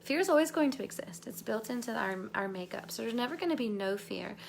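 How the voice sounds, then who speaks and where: A woman's voice: a little high, lively intonation, quick pace, gravelly, a little hiss or hum. A woman life coach talking viewers through a guided visualization and chatting with them live. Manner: bubbly, laughs often with viewers.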